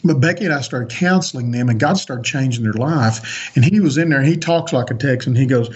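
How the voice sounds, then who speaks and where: A man's voice: mid-range voice, a little fast, breathy edge, lo-fi sound. A man on a podcast as a guest, earnestly recounting a personal story with frequent restarts.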